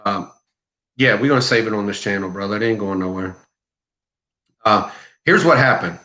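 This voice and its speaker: Deep-voiced dude ranting live, crude and mocking, calls folks out flat. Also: male voice, moderate pace. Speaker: co-host of a fragrance review livestream. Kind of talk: heated livestream rant.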